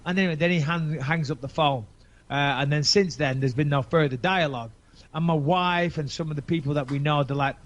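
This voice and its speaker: A man in his forties with an English accent, a podcast host telling a story in casual chat, profane and animated, acting out both sides of phone calls. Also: on the high side, a little fast, lo-fi sound. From England.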